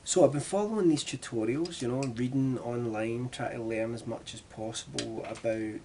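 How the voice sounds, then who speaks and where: Speaking at a moderate pace in a mid-range, darkish voice, a young Glaswegian vlogger chats casually to camera, rambling and running himself down. He comes from Glasgow, Scotland, and a little hiss or hum is audible.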